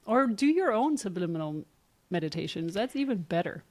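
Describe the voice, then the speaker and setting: A woman's voice: mid-range voice, very animated, normal speed. A woman co-hosting a podcast, explaining a practice in an earnest, instructive way. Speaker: podcast co-host.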